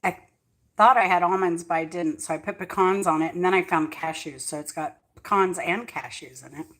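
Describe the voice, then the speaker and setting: Brisk and a bit bright, with a fairly low pitch, this woman hosts a cooking vlog from her home kitchen. Her casual storytelling wanders, packed with fillers and punctuated by frequent laughs.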